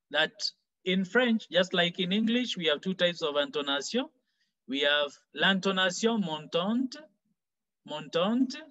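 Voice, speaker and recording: A man teaching a French lesson for exam preparation, explaining slowly and repeating example phrases. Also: a little high, sharp tone, muffled recording. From Kenya. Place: online class.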